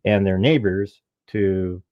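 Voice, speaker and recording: A man's voice: deep voice, slow pace, no echo, highs cut off. A man giving a casual, step-by-step breakdown of a recording and pointing out its details. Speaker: true crime commentator. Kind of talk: casual analysis, walking through a recording.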